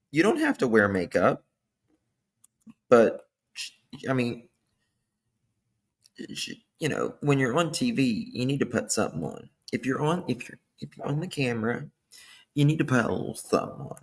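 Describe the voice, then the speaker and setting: A man with a husky, slightly low voice hosts a relaxed livestream. He talks slowly and easily, and keeps breaking off to thank viewers by name. A faint crowd murmur sits behind him. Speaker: livestream host. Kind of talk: casual livestream chat.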